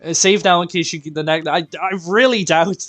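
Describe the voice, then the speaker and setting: A man from Northern Ireland with a mixed Northern Irish accent, hosting a game live stream in casual chat, greeting viewers by name, tired and quieter than usual. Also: high-pitched, fairly quick, soft background music. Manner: chatty, greets viewers by name, self-deprecating. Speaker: live-stream raid host.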